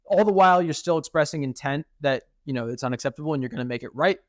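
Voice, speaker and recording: A young man co-hosting a podcast in casual chat, animated and acting out quoted speech. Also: a little high, quick pace, dry recording, studio quality. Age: young adult. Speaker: podcast co-host.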